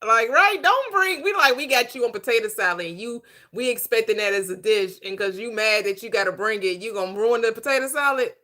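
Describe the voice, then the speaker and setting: A woman's voice: fairly high pitch, brisk, few pauses, bright, forceful tone. A middle-aged woman hosting a casual livestream chat, giggly and chatting with her viewers. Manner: giggly, laughs often, talks to viewers. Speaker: host.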